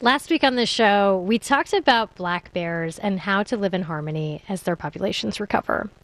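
A woman's voice: medium pitch, normal speed, a bit bright, dry recording. Female radio host, scripted links, dry studio.

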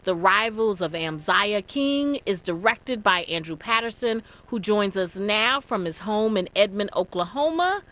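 A woman radio host presenting a scripted arts segment and starting an interview, in a clear, friendly manner. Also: mid-range voice, expressive, a little slow, hardly any pauses, fairly bright tone.

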